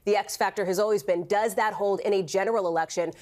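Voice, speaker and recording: A woman's voice: mid-range voice, fairly even intonation, fast, darkish tone. A female correspondent giving live studio analysis, fluent and emphatic, addressing the anchor by name. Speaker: news correspondent.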